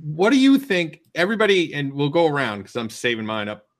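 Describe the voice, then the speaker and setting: A man talking casually in a podcast discussion, animated and rambling with restarts. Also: fairly high pitch, fairly quick, no room sound. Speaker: podcast co-host. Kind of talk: casual chat.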